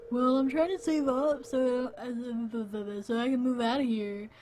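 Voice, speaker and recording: A woman voicing a gloomy young man, a loner coder who talks in a flat, unbothered mumble. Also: on the high side, a little slow, a little hiss or hum, lightly acted.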